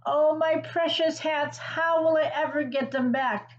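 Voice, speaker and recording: A woman voicing a cross hat seller in a storybook read-aloud, shouting his lines slowly and drawn out. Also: high voice, steady tone, roomy sound, muffled recording, voice pushed up. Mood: sad. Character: cross grown man who sells hats.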